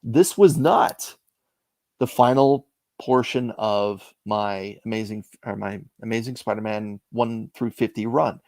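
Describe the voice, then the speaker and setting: Man, middle-aged, from Canada, gravelly voice, dry close sound, reflective storytelling. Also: on the low side, a little mellow, no room sound. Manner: measured, reflective storytelling with frequent "uh" pauses. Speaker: interview guest, comic collector. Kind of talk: casual storytelling interview.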